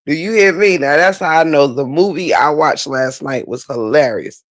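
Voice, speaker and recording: A man's voice: a little high, normal speed, no room sound. A man hosting a casual recap for viewers, laughing so hard he cries and calling everyone "child" and "baby". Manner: laughing hard, crying with laughter, drawling Southern slang. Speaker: host.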